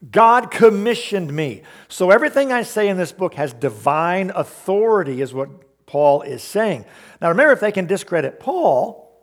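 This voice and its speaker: A man preaching a sermon, emphatic, asking the congregation rhetorical questions and explaining verses. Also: high-pitched. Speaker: pastor.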